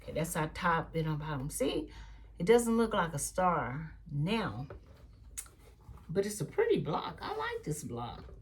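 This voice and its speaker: A woman who hosts a quilting channel. She chats casually and rambles through family stories during a sewing tutorial, sometimes dropping into soft muttered asides. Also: low-pitched, sing-song, unhurried.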